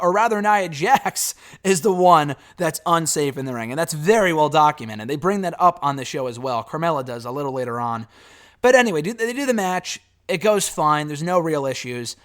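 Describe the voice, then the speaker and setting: A man's voice: on the high side, fairly bright tone. Blunt, profane man reviewing. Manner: blunt, sarcastic, swears freely. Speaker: wrestling show reviewer. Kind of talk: casual spoken review.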